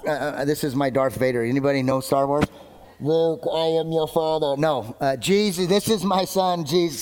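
Rambling pastor in an echoing hall. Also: male voice, on the high side. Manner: rambling, self-deprecating, jumps between tangents. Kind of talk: sermon. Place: church stage.

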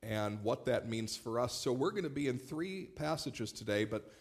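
Man, pastor, sermon, conversational storytelling, mid pitch. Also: animated, moderate pace. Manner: conversational storytelling with warm humor.

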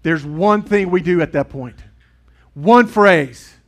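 A middle-aged man preaching a sermon in a church, earnest and swinging from loud to hushed. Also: high-pitched, takes it slowly. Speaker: pastor. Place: church sanctuary with congregation.

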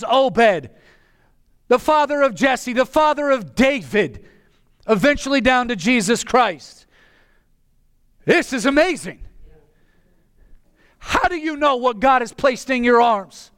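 A man preaching a sermon with passion, often rising to a shout. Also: very high voice, animated, a little slow, pauses often, clear, resonant tone, no echo. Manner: impassioned, bursts into shouting.

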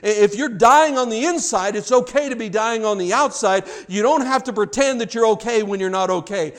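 A man with a high voice preaches a sermon in a conversational way. He often stumbles and repeats words, and his delivery swings from hushed, low stretches to loud, excited ones. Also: a little fast. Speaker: pastor.

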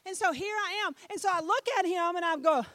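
A middle-aged woman preaches a sermon briskly in a very high-pitched voice, with no room sound. She tells a story with animated swings between loud and soft, engaging her listeners by asking them questions.

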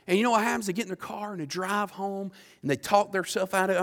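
A man preaching a sermon with passion, repeating words and swinging from quiet asides to loud declarations. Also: high-pitched, quick pace.

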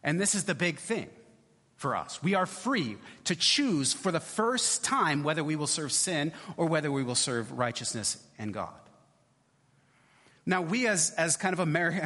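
A man's voice: fairly high pitch, bright, forceful tone, in a large hall. A male pastor giving a conversational sermon in church, often checking in with his listeners. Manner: conversational, repeats "right?" often.

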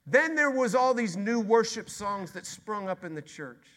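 A man preaching a sermon as pastor, emphatic and repetitive, swinging between loud exclamation and hushed intensity. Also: high-pitched, animated, normal speed. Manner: repetitive rhetorical questions.

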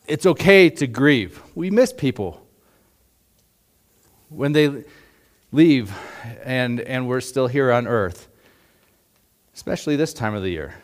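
A man in his forties preaching a sermon in a conversational way, with rhetorical questions and many fillers. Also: mid-range voice. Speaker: pastor.

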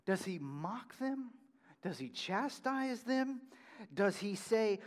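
In a large hall, a pastor preaches a sermon in a high voice, taking it slowly. He's animated, swinging between loud emphasis and hushed near-whispers.

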